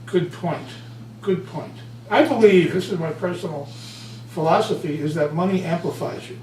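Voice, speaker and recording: A man being interviewed as an author and speaker, telling stories with lively acted-out quotes. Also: fairly high pitch, moderate pace. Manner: animated storyteller, acts out quotes. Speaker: guest author and motivational speaker. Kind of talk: conversational interview. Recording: roomy, distant mic, faint hum.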